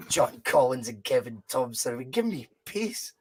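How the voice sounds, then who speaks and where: A man's voice: medium pitch, big pitch swings, slow pace, gravelly, husky. A Scottish man co-hosting a football podcast, telling stories in a sweary, mocking way. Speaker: podcast co-host. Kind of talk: casual banter.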